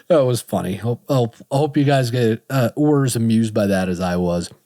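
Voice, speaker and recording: A man's voice: mid-range voice, animated, a little slow, dark tone, no room sound, studio quality. Chatty man hosting a podcast. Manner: chatty, joking, self-deprecating. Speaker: podcast host. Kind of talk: casual podcast talk.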